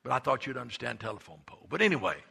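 A middle-aged preacher delivers his sermon in a husky, forceful voice. He drops low and quiet for asides, then surges with fervent emphasis. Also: sing-song, very fast. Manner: impassioned storytelling preacher, swings from hushed to emphatic. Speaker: pastor.

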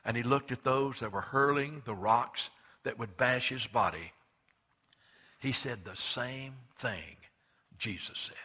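A male pastor preaching an emphatic, conversational sermon, swinging between loud urging and hushed quiet, often repeating words as he restarts. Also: mid-range voice, a little slow, husky.

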